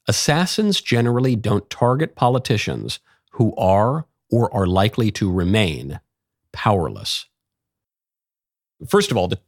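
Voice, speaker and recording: A man's voice: lowish voice, no room sound. Sarcastic male political commentator, dry sound. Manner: sarcastic, rhetorical questions. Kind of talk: opinion commentary.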